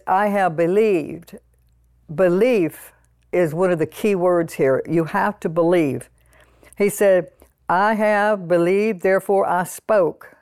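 A woman preaching a sermon, reading scripture slowly and then talking it through in a casual, conversational way with lots of "you know" asides. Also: on the low side, darkish tone, clear, resonant tone, dry recording, clean studio sound. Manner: slows down to read scripture aloud.

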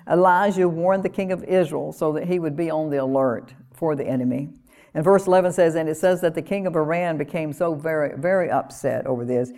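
A woman preaching a sermon in an earnest, conversational way, repeating phrases and laughing softly now and then. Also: fairly low pitch.

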